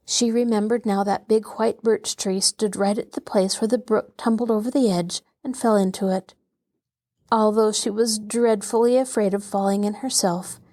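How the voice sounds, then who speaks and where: A woman host reading a children's novel aloud in an expressive, dramatic way. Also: medium pitch. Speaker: host and storyteller.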